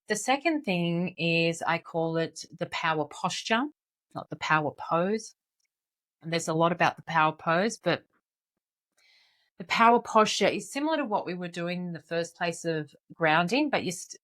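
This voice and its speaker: A woman in her forties, a confidence coach, calmly and encouragingly guiding listeners step by step through an exercise. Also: on the low side, a little slow. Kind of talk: guided exercise instruction.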